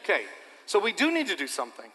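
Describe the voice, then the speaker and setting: A man preaching a sermon to his church, animated and repetitive, addressing the audience directly. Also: sits high, fast, long reverb tail. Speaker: pastor.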